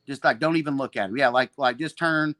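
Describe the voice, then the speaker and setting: A man's voice: mid-range voice, a little fast, a bit bright, no echo. A man in his forties, a jiu-jitsu gym owner guesting on a podcast, telling stories in a profane, rambling, self-mocking way. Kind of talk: casual storytelling.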